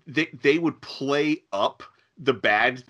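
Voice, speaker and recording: An enthusiastic male co-host with a bright, forceful voice at a middle pitch. He talks earnestly and stumbles a little on his openings. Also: slow. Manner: enthusiastic, earnest, stammering starts. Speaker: podcast co-host. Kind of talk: casual chat.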